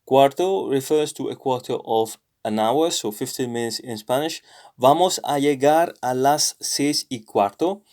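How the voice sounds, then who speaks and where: A man with a British accent walks through a language lesson out loud, thinking as he goes, pausing often and correcting himself. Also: medium pitch. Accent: British English. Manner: thinking aloud, explains patiently with many pauses and self-corrections. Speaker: language learner sharing lessons. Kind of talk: screen-recorded lesson walkthrough.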